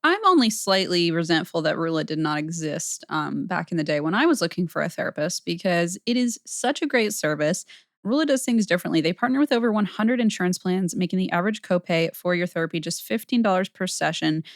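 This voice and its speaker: A woman's voice: fairly low pitch, lively intonation, brisk, no echo, clean studio sound. A woman co-hosting a casual podcast, chatting playfully, laughing often and reading ads. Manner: playful, laughs often, sing-song impressions. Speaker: podcast co-host. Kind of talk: casual chat and ad reads.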